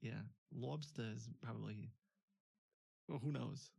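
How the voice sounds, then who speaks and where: A man's voice: medium pitch, a little slow, creaky, dark tone, husky, no room sound. A man hosting a stream, chatting casually, laughing often, with many fillers. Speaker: streamer host. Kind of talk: casual chat.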